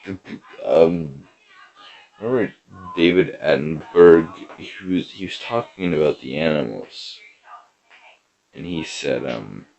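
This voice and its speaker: A man hosting a podcast, delivering a rambling deadpan comedy monologue full of fillers and hesitations. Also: extremely low pitch, slow pace, gravelly, long pauses, rough recording. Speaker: podcast host.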